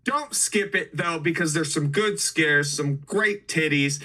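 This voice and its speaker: Crude, bright-voiced New man. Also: fairly high pitch, unhurried, few pauses. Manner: crude, joking, riled up. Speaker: podcast co-host. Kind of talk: casual movie review chat.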